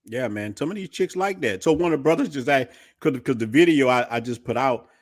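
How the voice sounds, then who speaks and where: A man's voice: mid-range voice, a little fast, dry recording. Storytelling man, very dry sound. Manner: animated storyteller, slangy. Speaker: podcast host. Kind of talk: casual podcast chat, storytelling.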